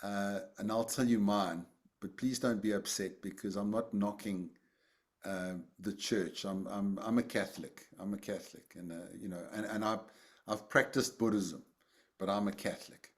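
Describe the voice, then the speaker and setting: A man's voice: on the low side, fairly even intonation, normal speed. A man leading a casual group session over a video call, rambling and self-deprecating, often repeating his words. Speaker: group facilitator.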